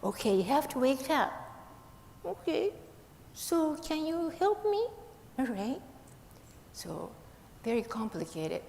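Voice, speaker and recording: A woman's voice: high voice, big pitch swings, takes it slowly, creaky, pauses often, a little mellow. A woman minister giving a playful children's sermon with a puppet, coaxing the kids with questions. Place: temple hall. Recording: echoey hall, faint hiss.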